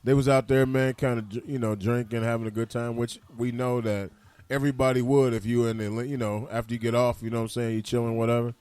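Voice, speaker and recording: A man's voice: medium pitch, level tone, fast, a little mellow, clear, resonant tone, no echo. A man hosting a talk radio show, speaking loosely in slang and rambling with frequent restarts. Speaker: radio host.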